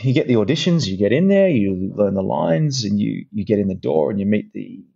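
Middle-aged aussie guy chatting on a podcast, animated, lots of restarts, kinda dull lo-fi sound. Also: on the low side, brisk, vocal fry, slightly rough. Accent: Australian. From Australia. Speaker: guest, actor and presenter. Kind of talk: casual podcast interview.

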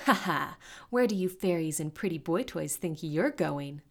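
A woman's voice: low voice, lively intonation, normal speed. A woman voicing a bossy, mocking teenage witch villain in a storybook reading. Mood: taunting. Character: taunting teen witch girl, villain.

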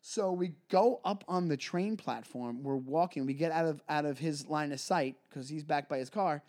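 A man, co-hosting a podcast and telling a story in casual chat, acting out other people in high voices. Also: moderate pace, a little mellow. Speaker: podcast co-host, comedian.

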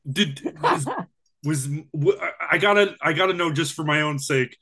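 Male podcast co-host, bright forceful voice, blunt opinions, stop-start delivery. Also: on the high side, measured pace. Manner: opinionated, hesitant restarts, blunt. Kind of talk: casual chat.

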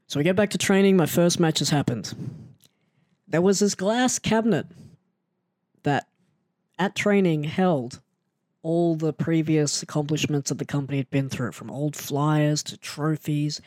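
A man telling a story in a casual, animated and self-mocking way, often jumping into an excited higher voice. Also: unhurried, pauses often, dry recording, studio quality. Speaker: storyteller recounting his wrestling start.

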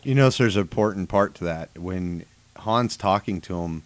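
A man's voice: sits low, normal speed. Profane opinionated man in casual chat.

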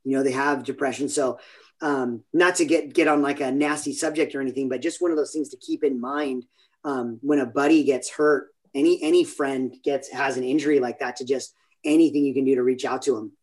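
A man's voice: medium pitch, fairly even intonation, fairly quick. A man in his forties from California, telling stories in a rambling, self-interrupting way during a casual interview chat. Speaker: podcast guest.

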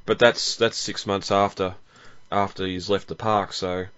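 A man's voice: low-pitched, little pitch movement, measured pace, a bit bright, clean tone. A man hosting a casual film commentary podcast, rambling with fillers and frequent chuckles. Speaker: podcast host. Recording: dull lo-fi audio.

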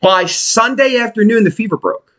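A man's voice: high voice, normal speed. A man telling a long personal story in casual chat, swearing freely and acting out what people said. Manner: animated, profane, acts out quotes.

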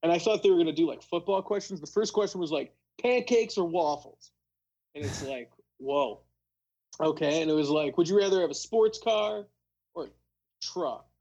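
A man's voice: fairly high pitch, expressive, normal speed, darkish tone, highs cut off. A young man chatting casually about football as a podcast co-host, rambling with lots of fillers. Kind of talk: casual sports chat.

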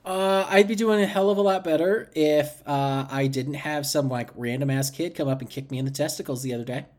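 A man's voice: a little high, fairly quick, a little mellow. A man co-hosting a casual podcast, telling stories sarcastically and swearing. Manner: storytelling, sarcastic, profane. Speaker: podcast co-host.

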